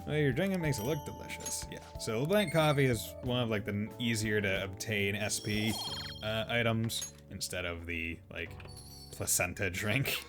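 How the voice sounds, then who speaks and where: A man's voice: on the low side, normal speed, music in the background. Joking young man streaming a game. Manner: joking, rambling, laughs often. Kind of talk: casual gameplay commentary.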